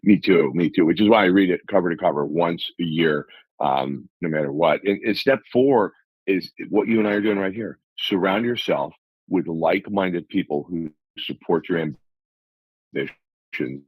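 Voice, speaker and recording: Deep husky motivational man. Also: moderate pace, dry recording, low-quality recording. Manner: earnest, motivational, lecturing in numbered steps. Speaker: life coach guest. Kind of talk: radio talk show conversation.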